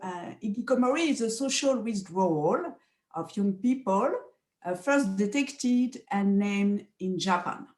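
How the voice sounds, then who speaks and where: A woman with a French accent speaks slowly and haltingly, filling pauses with "uh" and breaking into small laughs. Her voice sits in a roomy, echoey space. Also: mid-range voice, animated. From France. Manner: hesitant, many fillers, soft laughs. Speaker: guest psychoanalyst and researcher. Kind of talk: interview answers in English.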